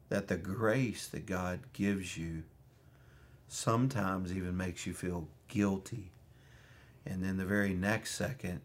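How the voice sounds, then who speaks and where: This is a man speaking as a pastor who interviews a fellow pastor during a church message. His voice sits fairly low, and he asks his questions in a gentle, sympathetic way.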